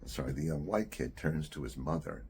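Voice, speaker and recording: A man's voice: rumbling low, expressive, fairly quick. A man in his sixties from New Jersey, an author telling a personal memory in a conversational way, sometimes sinking to a near-whisper. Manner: conversational, drops to a near-whisper at grave moments. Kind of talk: personal storytelling. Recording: faint background noise.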